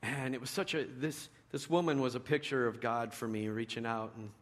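A middle-aged man preaching a sermon in a conversational storytelling way, dropping to a hush and rising to loud emphasis. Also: medium pitch, fairly even intonation, moderate pace. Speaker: pastor.

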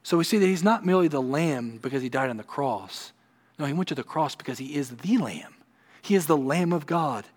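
A man preaching a sermon, building to emphatic peaks and then dropping low and quiet. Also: animated, a little fast. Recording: long hall reverb.

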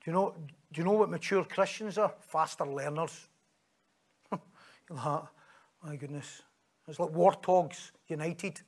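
A man's voice: fairly high pitch, unhurried, pauses often. A man preaching a sermon in a conversational way, acting out quoted voices and asking rhetorical questions.

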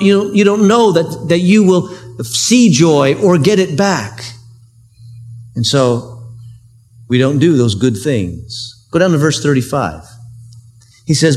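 A man's voice: on the high side, darkish tone. A man preaching a sermon as pastor, earnest and conversational, using everyday examples. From United States.

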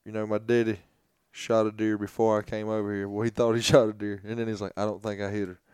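A man's voice: fairly low pitch, completely flat delivery, quick pace, a little mellow, clear, resonant tone, no room sound, clean studio sound. A man co-hosting a podcast, chatting casually and tossing in jokes and teasing asides. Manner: joking, teasing interjections. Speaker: podcast co-host. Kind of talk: casual chat.

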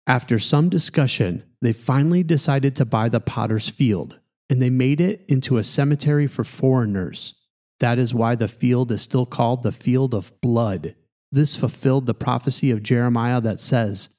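Mellow-voiced pastor reading scripture. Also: male voice, mid-range voice. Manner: steady, measured reading.

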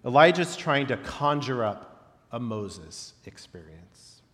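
Male pastor, mid-pitched, unhurried reflective sermon delivery, heard in a big echoing hall. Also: very animated. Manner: reflective, with long pauses and softly dropped phrase ends. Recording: long reverb of a large hall.

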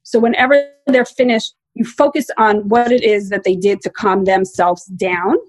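A woman's voice: medium pitch, fairly even intonation, moderate pace, no echo. A woman in her forties, a parenting expert guest, explaining earnestly in an interview and repeating her key points. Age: 40s. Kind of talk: interview answers.

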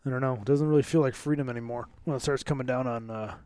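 A man's voice: medium pitch, quick pace, warm tone, clean tone, no echo. A man hosting a podcast, talking casually with a lot of swearing and rambling. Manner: profane, rambling. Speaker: podcast host.

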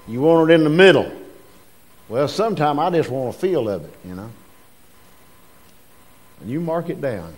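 A man's voice: mid-range voice, big pitch swings, normal speed, pauses often, darkish tone. A man preaching a sermon in a church, calling on the congregation to respond. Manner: emphatic, calls on the congregation to respond. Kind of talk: sermon with scripture reading.

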